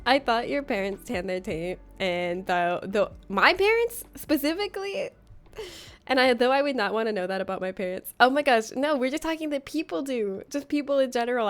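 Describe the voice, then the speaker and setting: A woman livestreaming a game, chatting casually with viewers, rambling and giggling often. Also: fairly high pitch.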